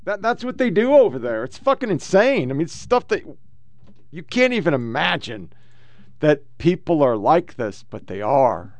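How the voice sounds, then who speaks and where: A man's voice: on the high side, big pitch swings, normal speed, no room sound. A man hosting a political podcast, ranting with heavy profanity and reading posts aloud. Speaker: podcast host.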